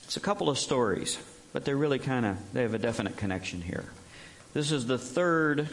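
A man's voice: on the low side, slight background noise. A male preacher giving a conversational Bible teaching and telling the story with animation, acting out the quotes.

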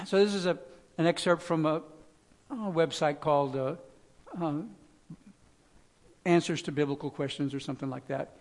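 A male pastor delivers a sermon in a high voice for a man. He talks conversationally, with fillers and restarts, then rises into loud pleading lines before sinking back to quiet, low emphasis. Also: steady tone, normal speed, pauses often.

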